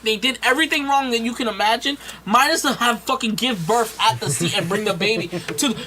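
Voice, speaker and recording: A man ranting in casual podcast talk, heavy with profanity. His voice is bright and forceful, sitting high for a man. The delivery is heated and relentless. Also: fairly quick, slight background noise. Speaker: podcast guest. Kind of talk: casual chat.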